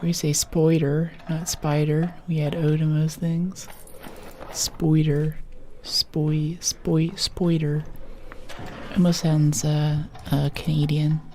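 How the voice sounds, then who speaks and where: A woman from the United States streaming a game in a soft-spoken ASMR style, rambling playfully and often dropping to a whisper. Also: sits low, flat delivery, unhurried, hardly any pauses, a little hiss or hum.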